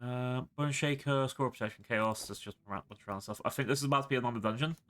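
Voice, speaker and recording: A man's voice: medium pitch, fast talker, a bit bright. A man streaming a fantasy role-playing game, chatting casually with lots of fillers. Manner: rambling, filler-heavy. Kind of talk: casual gameplay commentary.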